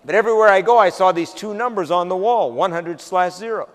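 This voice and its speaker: A man's voice: sits high, a little fast, in a large hall. A man from the northern United States giving a storytelling keynote, acting out dialogue with dry humor. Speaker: keynote speaker.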